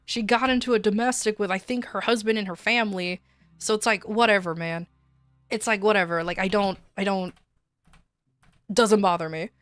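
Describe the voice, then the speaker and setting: A woman streamer chatting casually and telling a story, blunt and profane, laughing often and acting out shouted lines. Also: mid-range voice, fairly even intonation, moderate pace, dry recording, faint music behind. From desert region. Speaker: VTuber streamer.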